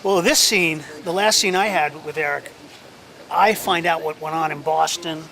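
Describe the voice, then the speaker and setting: A man telling an animated story about his first film role in a casual interview, acting out the other people's lines. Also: on the high side, normal speed, vocal fry. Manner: animated storyteller, acts out quotes, many restarts. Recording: crowd noise outdoors.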